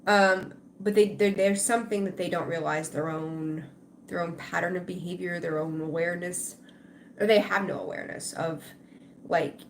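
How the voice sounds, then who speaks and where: Rambling, low-voiced woman reading tarot live. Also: steady tone, normal speed, slight background noise. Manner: rambling and conversational, talks straight to viewers. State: tired, yawning. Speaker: tarot reader.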